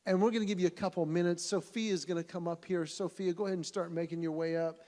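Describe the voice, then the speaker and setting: A man giving a storytelling speech to an audience, animated and acting out voices as he goes. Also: sits high, fast talker. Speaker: speaker at a fundraising event. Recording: long hall reverb.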